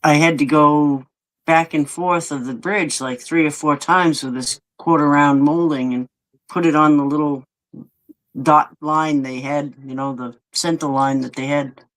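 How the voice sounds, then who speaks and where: A man in casual chat, telling a work story in an unhurried, laid-back way. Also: a little high, fairly even intonation, a bit bright, low-quality recording.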